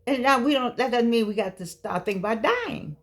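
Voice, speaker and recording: A woman's voice: a little high, expressive, brisk. A woman, giving a chatty, emphatic motivational talk to camera. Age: 60s. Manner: chatty, preachy, folksy and emphatic. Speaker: vlogger speaking to seniors.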